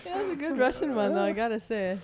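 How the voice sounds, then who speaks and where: A woman's voice: a little high, lively intonation, quick pace, crowd noise. A woman co-host casually chatting and teasing with laughing questions. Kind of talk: casual chat.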